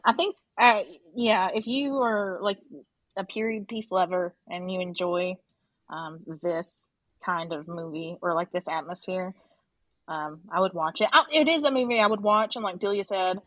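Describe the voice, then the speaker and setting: A woman's voice: mid-range voice, a bit bright, dry recording. A woman in a casual book-club chat, reflective and rambling. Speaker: book club podcast co-host.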